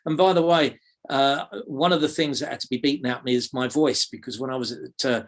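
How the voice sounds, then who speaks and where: A man from South London with a softened English accent, speaking as an interview guest and teaching magic, often hesitating with fillers and repeated words. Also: medium pitch, fairly even intonation, fairly quick. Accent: English, softened toward RP. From South London, England. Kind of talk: conversational interview.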